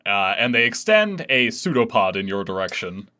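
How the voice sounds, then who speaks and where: A man running a tabletop game, narrating loosely with plenty of fillers. His voice is bright and swings lively in pitch. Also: moderate pace, few pauses. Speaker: game master.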